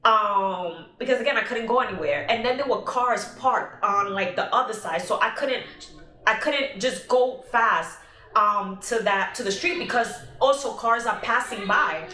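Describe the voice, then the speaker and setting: A woman's voice: on the high side, a little slow, sharp tone. A young woman vlogger telling an emotional story in a casual, rambling way, with many fillers. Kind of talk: casual storytelling while eating. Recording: echoey room.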